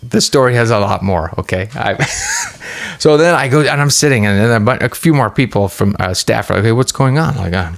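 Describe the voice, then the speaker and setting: A man co-hosting a podcast, retelling a scare in a rambling, halting way with many restarts. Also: mid-range voice, huge pitch swings, vocal fry, fairly bright tone. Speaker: podcast co-host. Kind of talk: casual storytelling chat.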